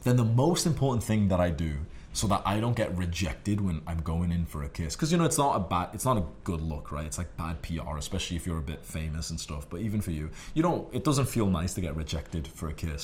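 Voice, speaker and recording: A man's voice: low-pitched, a little mellow, slight background noise. A man talking as a dating coach in a casual monologue, brash and profane and full of fillers.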